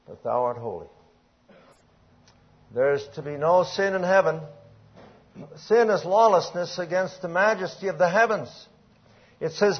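A man preaching a sermon, reading scripture aloud and building to emphatic, rising points, often clearing his throat. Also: mid-range voice, a little slow, long pauses, lo-fi sound.

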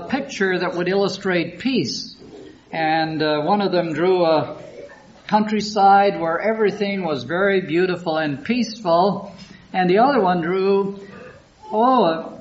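A man preaching a sermon, reading scripture aloud and explaining it in an earnest, unhurried way. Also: high-pitched. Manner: slow, earnest, reads scripture in King James wording. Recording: dull lo-fi recording with faint background hiss.

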